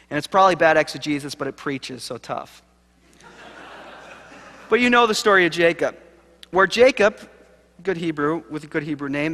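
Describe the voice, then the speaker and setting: A man giving a sermon-style keynote, telling a story with acted quotes and swinging from loud to hushed. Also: on the high side. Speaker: keynote speaker. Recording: live lecture hall reverb.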